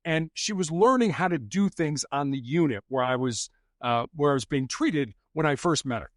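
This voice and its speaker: A middle-aged man talks through stories as a podcast guest, slipping into other people's voices for quoted lines. His voice sits a bit high and moves around a lot in pitch. The sound is dry, with no room to it. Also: normal speed, no echo. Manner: animated, acts out quoted dialogue. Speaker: podcast guest, former police officer and hostage negotiator. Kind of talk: conversational storytelling.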